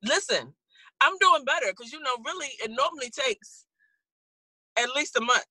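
A woman co-hosting a chatty podcast, animated and quick to laugh. Her voice is bright and sits fairly high, with a lot of swing in pitch. The sound is close and dry. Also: breathy edge, dry recording, rough recording. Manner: animated storytelling, laughs often. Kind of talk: casual chat.

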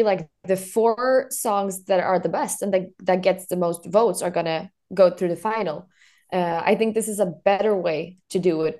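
A woman's voice: medium pitch, warm tone. A woman with a Swedish accent on a podcast panel, speaking in simple, plain phrases. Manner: reading lists plainly, explaining in simple phrases. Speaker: journalist panelist. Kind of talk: casual panel chat.

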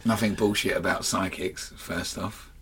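Essex guy on a podcast, husky voice, kinda low, swears a lot while telling stories. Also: unhurried. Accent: Essex English. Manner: animated storyteller, swears freely, laughs mid-story. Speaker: podcast co-host. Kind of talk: casual banter and anecdote.

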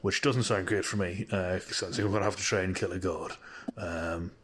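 A man's voice: deep voice, fairly even intonation, brisk, husky. A man giving a wry, meandering recap of his game progress, full of hesitant fillers. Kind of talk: recorded gameplay recap.

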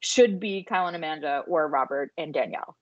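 A woman's voice: low voice, fairly quick, no echo, highs cut off. A young adult woman co-hosting a podcast, chatting casually about a reality show, often restarting her sentences and swearing casually. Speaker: podcast co-host. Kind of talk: casual recap chat.

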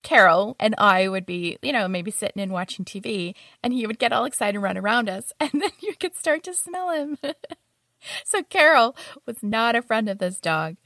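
A woman's voice: on the high side, expressive, moderate pace, a bit bright, no room sound, clean studio sound. A young adult woman casually telling stories about her roommates, often laughing as she talks. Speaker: storyteller.

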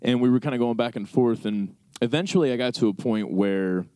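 A man's voice: medium pitch, fairly quick, clean tone, dry recording, clean studio sound. An American man telling a personal story at a live Q&A, acting out both sides of a talk with his mother. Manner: animated, acts out his mother's side of a talk. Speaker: panelist answering audience questions. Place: screening venue.

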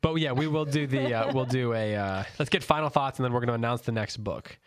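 A man's voice: medium pitch, fast, dry recording, clean studio sound. A man hosting a casual book-club podcast, talking loosely with many restarts. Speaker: podcast host.

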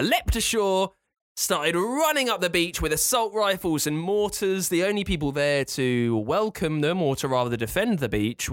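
Lively man telling a fact. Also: fairly high pitch, no echo, clean studio sound. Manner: lively storytelling, jokey mock-Spanish asides. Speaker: podcast co-host telling a fact. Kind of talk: casual chat.

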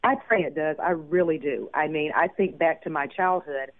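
A woman from Mississippi with a Southern accent, an author and former news anchor, talking brightly and telling stories as a guest in an interview by phone. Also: low voice, moderate pace, no echo. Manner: bubbly, upbeat, animated storyteller. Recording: tinny phone line.

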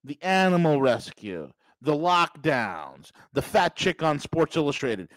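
A man's voice: on the high side, sing-song, a little slow, hardly any pauses, fairly bright tone, no echo, rough recording. A man hosting a podcast, delivering a sarcastic, mocking political monologue with emphatic bursts. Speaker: podcast host.

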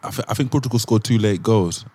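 A man's voice: fairly low pitch, fast talker, a little mellow, breathy edge. Reflective man. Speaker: podcast co-host. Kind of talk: casual chat.

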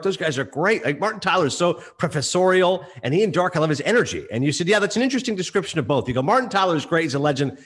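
A man, a sports broadcaster guesting on a podcast and telling animated stories with quick banter. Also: on the high side, slightly rough. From Toronto, Canada. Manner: animated storyteller, quick banter, laughs often. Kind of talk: casual podcast chat.

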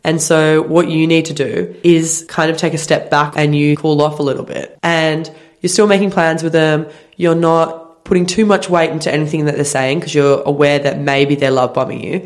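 A woman's voice: sits low, flat delivery, normal speed, hardly any pauses. A woman with a nasal voice co-hosts a casual podcast. She talks through advice in a loose, chatty way and laughs easily. She still sounds a little stuffy from a cold. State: recovering from a cold. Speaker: podcast co-host. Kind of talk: casual chat.

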